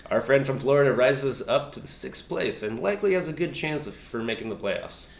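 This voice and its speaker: Playful man with a lively, bouncing voice. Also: mid-range voice, brisk, gravelly. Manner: playful, teasing banter. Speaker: guest co-host. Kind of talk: mock news recap. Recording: roomy echo.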